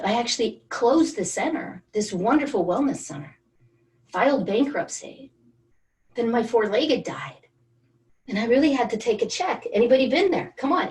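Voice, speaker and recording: A woman's voice: on the high side, recorded from a distance. Encouraging woman coaching over a video call. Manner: encouraging, coaxing, calls out participants by name. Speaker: wellness coach leading an online session. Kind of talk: guided energy exercise and personal story.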